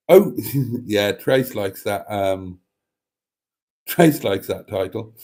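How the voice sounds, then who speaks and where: A man's voice: lowish voice, mellow. A man hosting a livestream, casually reading viewer comments aloud in a chatty, amused way. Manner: chatty, amused, laughs often. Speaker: livestream host.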